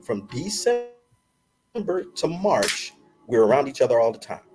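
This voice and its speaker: A middle-aged man spins a casual story as a podcast guest. His pitch rises and falls freely as he acts out old conversations and laughs at his own tale. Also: measured pace, over music. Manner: laughs often, animated storyteller acting out quotes.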